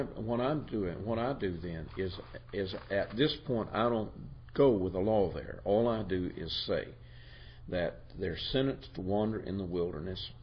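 Halting man lecturing a class. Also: lowish voice, lo-fi sound, slight background noise. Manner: halting, repeats words, asks the class questions. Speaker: Bible teacher.

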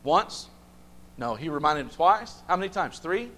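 A man's voice: fairly high pitch, very animated, normal speed, a bit bright. A man leading a Bible study, asking the group questions and repeating phrases for emphasis. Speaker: Bible class teacher.

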